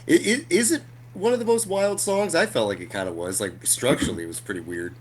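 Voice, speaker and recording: A man's voice: fairly high pitch, fairly quick, husky. A man co-hosting a podcast, chatting casually and retelling a comedy skit with laughter. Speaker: podcast co-host. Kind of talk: casual chat.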